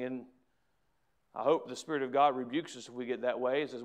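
A pastor preaches to his congregation, reading scripture in a measured way and then pressing his points with mounting fervor. His voice sits at an ordinary pitch for a man, with repeated phrases driving each appeal. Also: steady tone. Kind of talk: sermon.

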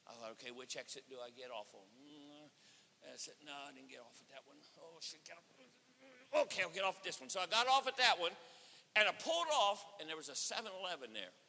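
A man preaching at a conference, telling a story with acted-out dialogue and rising to shouts. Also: a little high, quick pace, gravelly, slight background noise. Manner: animated, acts out dialogue, swells to shouting. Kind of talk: sermon storytelling. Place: church or conference hall. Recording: reverberant hall.

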